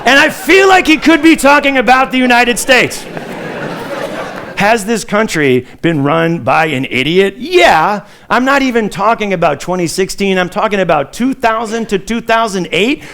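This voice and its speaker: A male stand-up comedian from Chicago talks from the stage in a chatty, storytelling way, with a fairly high voice. He often laughs at his own lines. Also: expressive, moderate pace, fairly bright tone, some chatter behind.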